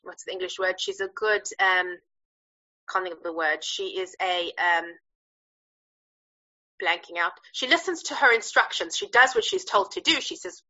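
Woman teacher, Bible lesson, animated storytelling, bright husky voice, dull lo-fi sound. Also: lowish voice, normal speed. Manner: lively, chatty, hesitant with fillers.

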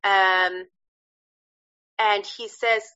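A woman teaching a Bible story in a lively, chatty way, with frequent fillers and searches for words. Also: mid-range voice, drawn-out words, dull audio. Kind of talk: animated storytelling lesson.

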